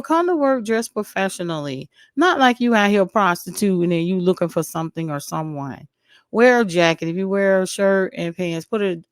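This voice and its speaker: A woman's voice: fairly low pitch, clean tone, dry recording, studio quality. A woman hosting a casual commentary vlog who gives her opinions bluntly and talks straight to her viewers, her voice weak from allergies and coughing. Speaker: YouTube commentary host.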